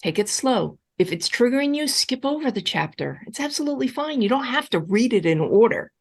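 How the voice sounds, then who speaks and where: A husky-voiced woman coach talks at a quick pace in a live online Q&A, answering audience questions about relationships. Animated, with pitch leaping up and down, she is emphatic and reassuring and keeps repeating key comforting phrases.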